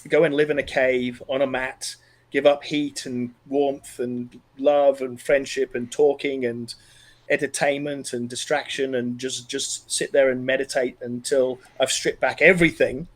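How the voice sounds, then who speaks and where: A middle-aged Australian man telling a personal story in an interview, earnest and animated, often restarting sentences. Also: mid-range voice, measured pace. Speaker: podcast guest.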